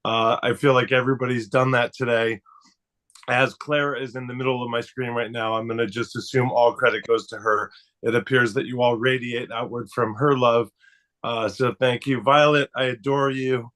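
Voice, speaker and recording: Mid-pitched man, giggly and choked up, self-deprecating guest. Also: fairly even intonation, moderate pace, a bit bright. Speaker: guest on a video call.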